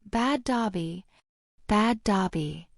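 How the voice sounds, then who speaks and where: A woman's voice: mid-range voice, expressive, takes it slowly, gravelly, no room sound, studio quality, heavily acted. A woman voicing a timid, servile male house elf who speaks of himself in the third person, read as an audiobook character. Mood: frantic.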